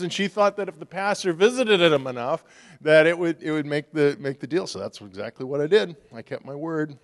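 A pastor preaches in a sanctuary, his voice sitting a little high for a man. He drops to soft, hushed tones when he tells stories, then climbs into loud, emphatic delivery. The hall around him carries a long, trailing reverb. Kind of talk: sermon.

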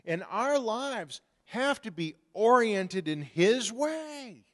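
A middle-aged pastor preaching a sermon, moving from storytelling into forceful preaching. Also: male voice, high-pitched, sing-song, slow pace. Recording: long reverb of a large hall.

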